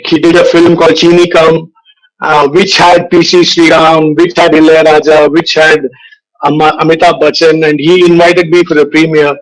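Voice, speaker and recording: Brief: older male speaker, slightly high voice, unhurried anecdotes, lecture tone. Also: flat delivery, low-quality recording. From India. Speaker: guest speaker, advertising veteran. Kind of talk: motivational speech with anecdotes. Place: virtual event recording.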